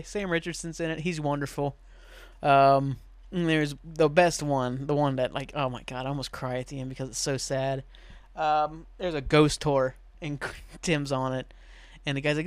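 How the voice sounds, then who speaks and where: A man's voice: mid-range voice, flat delivery, normal speed, smooth, no room sound. A young man hosting a podcast in casual, rambling chat, laughing often and swearing now and then. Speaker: podcast host.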